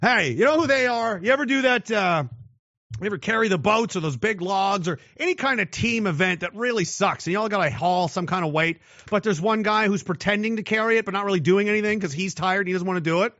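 Angry ranting man, high bright voice. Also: fast talker, dry recording. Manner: combative, swearing, shouts often. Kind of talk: profane angry rant. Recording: dull, dry lo-fi recording.

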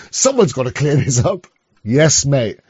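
A man's voice: mid-range voice, big pitch swings, takes it slowly, a little mellow, slightly rough, no room sound, highs cut off. A man streaming, commenting sarcastically on clips with crude jokes and lots of stammered restarts. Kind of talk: casual mocking commentary.

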